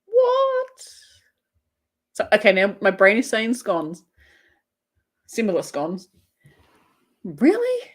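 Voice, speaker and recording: In a medium-pitched voice, an Australian crochet streamer chats unhurriedly with her audience, leaving long pauses. She reads viewer comments aloud during the casual live session and giggles a lot.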